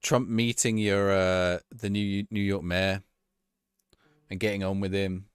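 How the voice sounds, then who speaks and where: A man's voice: deep voice, little pitch movement, measured pace, smooth, no echo, clean studio sound. A man chatting casually to his viewers on a live stream, laughing and reacting to a match as he talks. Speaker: livestreamer.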